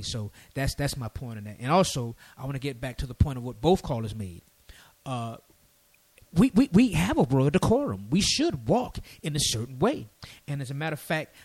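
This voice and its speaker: A man hosting a radio call-in show and preaching from scripture. His voice sits a bit high and swings widely in pitch. He repeats words as he drives each point home. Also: slightly rough. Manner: animated, repeats words when pushing a point. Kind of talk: radio Bible teaching.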